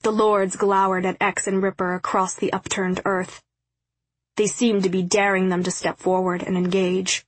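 A woman narrating an audiobook in a steady, measured reading. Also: medium pitch, no echo, low-quality recording. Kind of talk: scripted narration.

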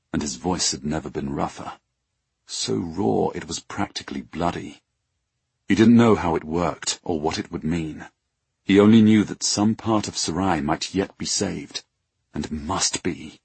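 Male fantasy audiobook narrator, very deep and husky, dry close recording. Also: a little mellow, dry recording.

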